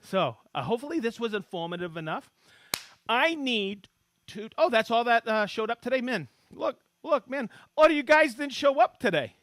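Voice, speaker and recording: A chatty middle-aged man from Maine runs a live tool demo with a fairly high, bright voice. He jokes along and reads out viewers' hometowns with sudden excited bursts. The sound is dry and close, with no room echo. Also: normal speed. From Maine, USA. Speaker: livestream host demonstrating tools.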